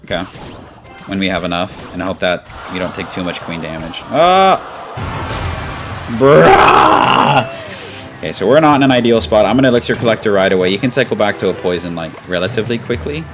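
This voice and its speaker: A man with a slightly low voice talks through a match as he plays it, loose and casual, narrating each move. He gets loud and eager when a push comes together. Clear music runs underneath. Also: fast. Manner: casual, breaks into excited chanting at big moments. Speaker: gaming commentator. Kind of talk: live gameplay commentary. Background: background music.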